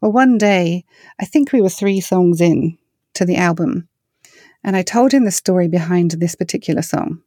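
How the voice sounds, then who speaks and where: A middle-aged woman with an English accent, a worship singer answering interview questions with earnest, storytelling warmth. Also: fairly low pitch, normal speed, no echo, clean studio sound. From England. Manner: earnest, storytelling, animated when quoting others.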